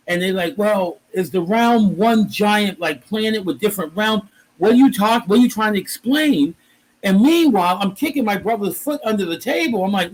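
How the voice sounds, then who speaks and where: A man with a high, lively voice talks about comics in a relaxed interview. He tells his stories with energy, breaking into exclamations and acting out other people's lines. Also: normal speed, rough recording. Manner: animated storyteller, exclaims and acts out quotes. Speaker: comic creator guest. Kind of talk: casual conversation.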